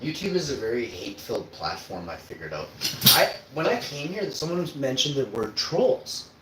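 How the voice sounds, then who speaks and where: A man's voice: medium pitch, very animated, normal speed. Foul-mouthed man ranting on a livestream. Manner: profane, swearing constantly; ranting, with sudden loud outbursts. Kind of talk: casual livestream rant. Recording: roomy with faint background hum.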